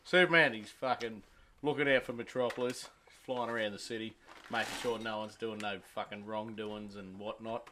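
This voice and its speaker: A man's voice: mid-range voice, sharp tone, a little hiss or hum. A man telling a crude joke in a casual podcast chat with friends, laughing as he goes. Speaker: podcast co-host.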